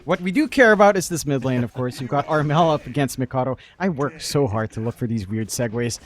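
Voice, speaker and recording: A man's voice: mid-range voice, fairly quick. A man casting a pro video game match, playful and reading chat messages aloud between play-by-play. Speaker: esports caster. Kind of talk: esports commentary.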